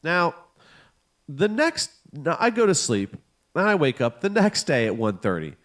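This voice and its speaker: A man's voice: on the high side, very animated, unhurried, a bit bright. A middle-aged man co-hosting a podcast, telling a long story in a casual, profane way and acting out what people said. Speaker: podcast co-host.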